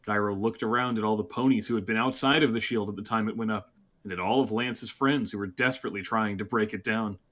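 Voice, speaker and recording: Bright-voiced man reading a story. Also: fairly low pitch, fairly even intonation, quick pace. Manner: reads narration, breaks off to laugh and joke. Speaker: reader. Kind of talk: casual reading of a fan story with jokes.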